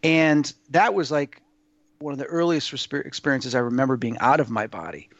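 A man's voice: medium pitch, moderate pace, no room sound, highs cut off. A man telling personal stories in a casual interview, earnest and rambling, with many fillers and restarts. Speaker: guest sharing personal experiences. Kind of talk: casual spoken storytelling.

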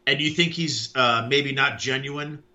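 A man co-hosting a podcast, chatting casually and telling stories in an animated way. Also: mid-range voice, unhurried, highs cut off. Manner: animated storyteller, acts out quotes. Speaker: podcast co-host. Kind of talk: casual chat.

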